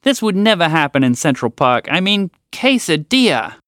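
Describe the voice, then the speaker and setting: A man voicing an angry, indignant male frog who shouts his complaints. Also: fairly high pitch, very animated, normal speed, no room sound, studio quality, voice pushed up. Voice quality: shouting, exasperated.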